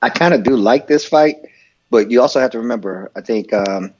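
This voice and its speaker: A man's voice: medium pitch, brisk, darkish tone, slightly rough. A man co-hosting a sports talk show in casual chat, earnest and repeating words as he builds his point. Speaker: podcast co-host. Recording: dull lo-fi sound.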